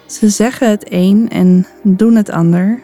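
A woman's voice: mid-range voice, fairly even intonation, unhurried, warm tone. A woman narrating a documentary in an earnest, reflective way. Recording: faint music underneath.

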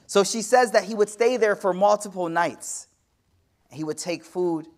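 A man preaching with a voice pitched a little above the usual male range. He talks straight to his audience in slangy asides, swings from near-whispers to loud peaks, and recites Arabic quickly. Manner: slangy, addresses audience directly. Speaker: Islamic teacher. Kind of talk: sermon-style lecture.

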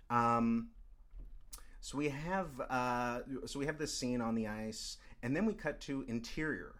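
A man's voice: mid-range voice, a bit bright. A man teaching screenwriting, talking through a script in a loose, stop-start way with fillers. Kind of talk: script analysis lecture.

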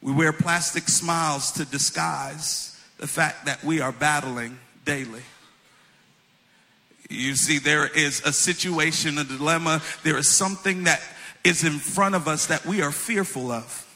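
A man's voice: a little high, measured pace, pushed and bright. A man preaching a sermon to a congregation, storytelling and calling them y'all. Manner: storytelling, addresses audience as y'all. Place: in front of a congregation.

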